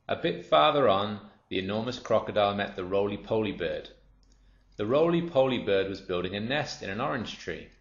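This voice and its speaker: A man narrating a children's story aloud in a steady, expressive reading voice. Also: on the low side, normal speed. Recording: roomy, dull lo-fi.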